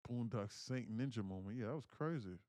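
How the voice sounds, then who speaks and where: Animated man on a livestream, dry. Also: medium pitch, fairly quick, no echo. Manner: animated storytelling with street slang, acts out quoted voices. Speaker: day trading livestreamer. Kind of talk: casual livestream rant.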